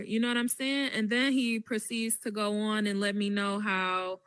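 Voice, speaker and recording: A woman's voice: medium pitch, little pitch movement, normal speed, a bit bright, clean tone, no room sound. A woman hosting a podcast, telling a story with emphasis and animation. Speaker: podcast host. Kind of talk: casual podcast chat.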